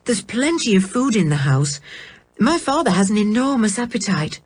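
A woman's voice: mid-range voice, very animated, normal speed, husky. A woman voicing a lonely, sullen boy who loves painting, in a storybook reading. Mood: wistful. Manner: bitter then eager.

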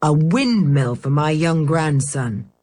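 A woman voicing a jovial, teasing older male coast guard in a storybook reading, with a slightly lower, gruff and bantering delivery. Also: expressive, slow pace, a little mellow, slight background noise.

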